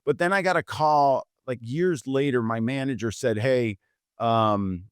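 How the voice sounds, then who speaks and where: A man's voice: medium pitch, measured pace, clean tone, dry recording. Middle-aged guy telling stories on a podcast, lots of "like", voices the people he quotes, dry close mic. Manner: animated storyteller who acts out quotes with lots of "like". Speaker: guest photographer. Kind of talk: casual storytelling interview.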